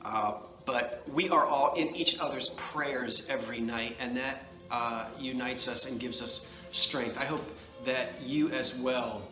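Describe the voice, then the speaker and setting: A man's voice: medium pitch, a little slow, few pauses, bright, forceful tone, reverberant, soft background music. A man from New Jersey with a New Jersey accent, chatting casually to camera from his living room. He rambles with folksy asides and sounds a bit nasal from allergies. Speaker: vlogger, antiques seller.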